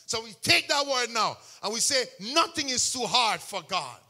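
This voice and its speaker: Guy preaching, high bright voice, animated storytelling with shouty bursts. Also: moderate pace. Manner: acts out other people's words in quotes. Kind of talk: sermon testimony.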